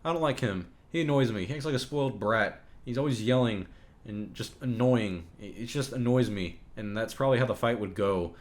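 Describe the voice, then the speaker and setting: A man's voice: mid-range voice, brisk. Brief: male podcast host, mid-range voice, blunt and opinionated, casual solo Q&A delivery. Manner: opinionated, swears when ranting. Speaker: podcast host answering viewer questions.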